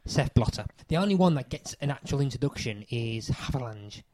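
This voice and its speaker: A man's voice: mid-range voice, animated, brisk, darkish tone. A man co-hosting a film podcast, rambling and joking in casual chat. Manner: rambling, jokey, many restarts.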